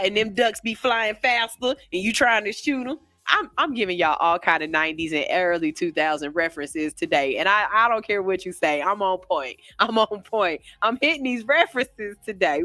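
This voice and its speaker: Host: woman, bright and dry studio voice, playful and chatty. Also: a little high, moderate pace, hardly any pauses, no echo. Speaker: radio show host. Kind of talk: casual morning radio chat. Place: radio studio.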